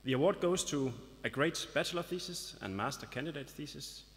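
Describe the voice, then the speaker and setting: A man's voice: on the high side, animated, brisk, fairly bright tone. A man representing a local business association, giving a formal speech with light jokes at a graduation ceremony. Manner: formal, lightly joking, announcing. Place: large hall at a graduation ceremony. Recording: long reverb of a large hall.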